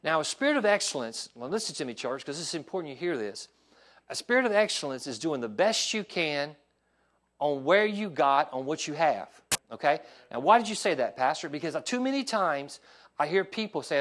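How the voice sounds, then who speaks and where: Pastor, male, high-pitched, lively pulpit delivery, asks congregation for responses. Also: normal speed. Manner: animated preaching with call-and-response asides. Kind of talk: sermon. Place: church sanctuary.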